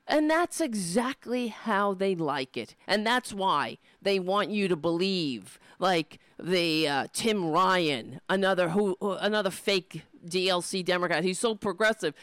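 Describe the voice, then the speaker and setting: A woman's voice: lowish voice, lively intonation, unhurried, few pauses, a bit bright, no echo. A woman ranting to camera, indignant and rambling, with frequent restarts and swearing. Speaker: political vlogger. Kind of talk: casual ranting monologue to camera. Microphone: camera mic.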